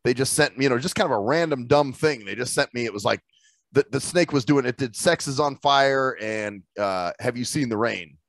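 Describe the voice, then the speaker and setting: A man's voice: medium pitch, brisk, creaky, dry recording. A man hosting a podcast in casual chat, telling stories in a laid-back, profane way. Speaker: podcast host and rapper.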